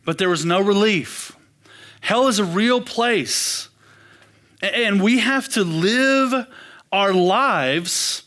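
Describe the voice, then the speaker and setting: A young man, preaching in a church and telling his own story in an animated, self-deprecating way. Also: sits high. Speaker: pastor. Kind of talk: storytelling sermon. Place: church sanctuary.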